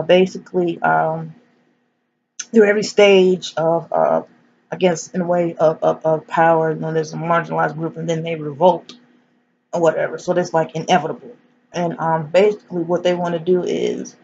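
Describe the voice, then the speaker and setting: A woman's voice: on the low side, creaky, a little mellow. A woman recapping a movie in a rambling, profane way, acting out the characters as she goes. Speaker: movie reviewer. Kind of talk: casual spoiler recap. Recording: dull lo-fi sound, faint hiss.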